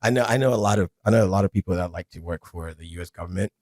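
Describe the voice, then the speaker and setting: A man's voice: low voice, racing, a little mellow, no room sound. A man chatting casually on a podcast, rambling with lots of filler words. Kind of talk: casual chat. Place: podcast studio.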